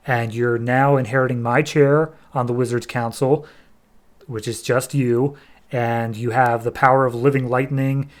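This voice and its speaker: A man's voice: mid-range voice, steady tone, close to an everyday voice. Impatient old wizard mentor, matter-of-fact, put on lightly by a man recapping a comic. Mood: explaining. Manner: matter-of-fact, hurried, offhand. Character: ancient weary male wizard, impatient mentor. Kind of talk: casual retelling of a comic with quoted voices.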